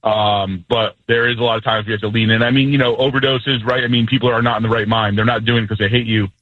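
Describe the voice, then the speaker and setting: A male EMT calling in by phone, explaining his work in a steady, matter-of-fact way. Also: fairly low pitch, fast talker, no room sound. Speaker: caller, EMT. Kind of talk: phone-in conversation. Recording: phone line.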